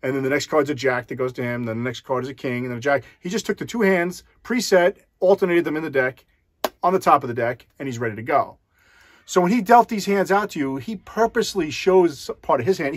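A man's voice: a little high, a little fast, no room sound. A man who is a magician, explaining a card scam to the viewer step by step in a conversational way. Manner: conversational, addresses the viewer directly. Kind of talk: explanatory talk to camera.

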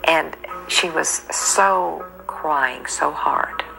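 A woman's voice: low-pitched, extremely slow, vocal fry, pushed and bright, soft background music, low-quality recording. A woman in an interview, telling a distressing memory vividly. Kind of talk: emotional interview recollection.

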